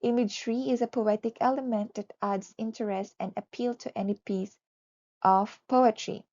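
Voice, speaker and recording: A woman teacher with a mellow, darker voice speaks with earnest feeling and leans into her repeated lines. The sound is dull and lo-fi. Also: on the high side, steady tone, moderate pace. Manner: earnest, with dramatic repeated refrains. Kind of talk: poetry recitation and classroom lesson.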